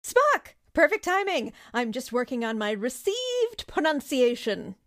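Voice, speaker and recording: A woman's voice: high voice, very animated, a little slow, a bit bright, heavily acted. A woman voicing a pompous upper-class English lady in a put-on received-pronunciation accent, clipped and haughty.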